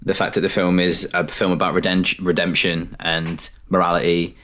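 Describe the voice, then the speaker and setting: A man's voice: low voice, normal speed. A man co-hosting a podcast, animatedly retelling film scenes in casual chat. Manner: animated retelling, acts out movie lines. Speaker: podcast co-host.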